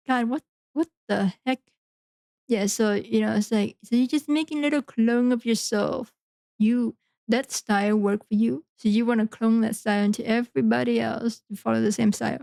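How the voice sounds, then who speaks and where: A woman's voice: on the high side, gravelly, warm tone, no echo. A woman hosting a podcast, talking frankly in a rambling, casual monologue full of fillers. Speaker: podcast host.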